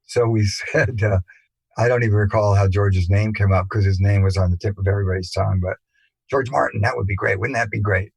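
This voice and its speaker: An older man, a musician guest, telling rambling anecdotes in a relaxed interview, with many fillers and restarts. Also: lowish voice, a little fast, vocal fry, husky, dry recording, rough recording. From England.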